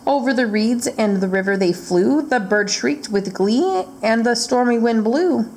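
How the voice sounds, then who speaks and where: Slow, rhythmic woman reading storybooks. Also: fairly high pitch, animated, a little mellow, slight background noise. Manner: slow, rhythmic rhyming read-aloud. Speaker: library storytime reader. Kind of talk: reading a picture book aloud.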